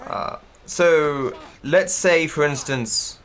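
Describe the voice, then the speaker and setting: A man's voice: a little high, very slow, a bit bright. A man from Australia with a mixed accent that doesn't sound typically Australian, chatting casually while streaming a game, rambling with lots of restarts and some swearing. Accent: mixed, not typically Australian. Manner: rambling, many fillers and restarts, swears freely. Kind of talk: casual livestream commentary while gaming.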